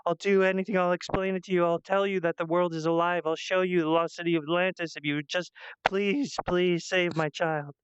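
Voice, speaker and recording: A man's voice: fairly even intonation, fairly quick, clean tone, no echo, highs cut off, natural voice. A man voicing a female god who pleads desperately for her children to be saved. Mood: pleading. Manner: begging, raised pitch.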